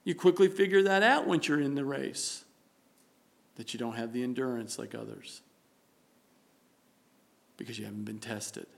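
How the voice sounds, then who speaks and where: A man's voice: medium pitch, moderate pace, vocal fry, pauses often. A middle-aged man preaching a sermon as pastor, building emphasis through repetition and quotations from scripture.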